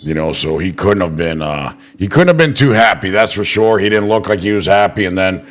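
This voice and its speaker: A man's voice: deep voice, lively intonation, brisk. A man hosting a casual political podcast, talking bluntly with plenty of swearing. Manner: blunt and profane. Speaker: podcast host.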